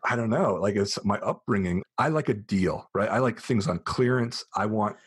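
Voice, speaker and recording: A man's voice: fairly low pitch, moderate pace, husky, no room sound, clean studio sound. An American man in his forties, hosting a podcast and telling a personal story in a casual chat, acting out the voices of the people in it. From United States. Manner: animated storyteller who acts out quoted voices. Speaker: podcast host.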